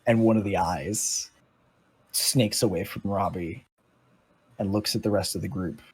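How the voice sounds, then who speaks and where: Husky, low-voiced man running the game. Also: unhurried, a little mellow. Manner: casual, loose narration with restarts. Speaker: game master. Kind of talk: narrating a tabletop game.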